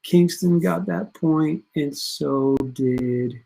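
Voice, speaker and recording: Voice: mid-range voice, very slow, vocal fry, warm tone. A parent hosting a casual online quiz stream for students, chatting and reading out players' answers and scores. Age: adult parent.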